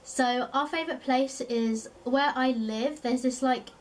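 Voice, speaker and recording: A young woman with a South East London accent, her voice sitting a little high, talks casually to the camera and keeps dropping in "like". She sounds a bit away from the mic, with a faint hum in the room behind her. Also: fairly even intonation, a little slow, distant mic, poor audio. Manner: chatty, lots of "like" fillers, laughs often. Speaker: vlogger. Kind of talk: casual chat.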